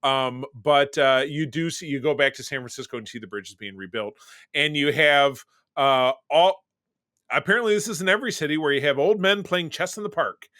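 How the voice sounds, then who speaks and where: Crisp, dry-sounding podcast man. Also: a little high, normal speed, pushed and bright, dry recording. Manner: rambling, self-interrupting, trails into summaries. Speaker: podcast co-host. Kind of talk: casual movie discussion.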